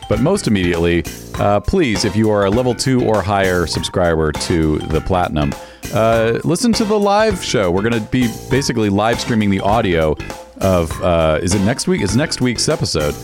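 Reading casual plugs for a podcast he co-hosts, this man speaks at a moderate pace in a lowish, very animated voice. Music plays behind him as he chuckles and corrects himself.

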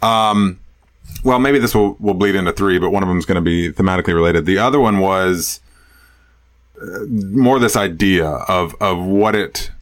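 A man co-hosting a podcast, chatting casually about a classic film, animated and laughing, with frequent restarts. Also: sits low, moderate pace. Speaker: podcast co-host.

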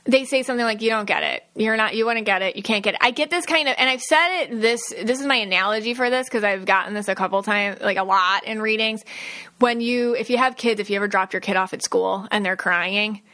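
A woman's voice: mid-range voice, a little fast, sharp tone. A woman hosting her own podcast as a psychic medium, talking casually with many fillers and acted-out quotes. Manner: chatty, lots of fillers and quoted asides. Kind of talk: casual solo podcast talk.

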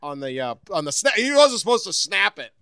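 A man co-hosting a sports podcast, telling lively stories in casual chat and laughing often. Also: sits high, a little fast, gravelly, dry recording, studio quality. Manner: animated storyteller, laughs often.

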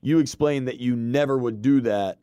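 Friendly laughing podcast host, dry sound. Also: male voice, medium pitch, normal speed, warm tone, clear, resonant tone, dry recording, dull audio. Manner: friendly, laughing, says dude a lot. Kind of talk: casual podcast interview.

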